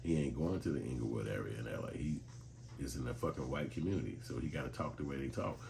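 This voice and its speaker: A man's voice: a bass voice, fast, vocal fry, background noise. A man giving blunt, profane, casual commentary as host of his own channel. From Chicago.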